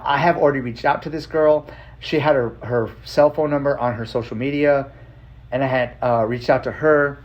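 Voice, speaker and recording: Male podcast host, mid-pitched, casual and profane storyteller, recorded with dull lo-fi audio. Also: darkish tone. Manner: loose and profane, with frequent "like" fillers.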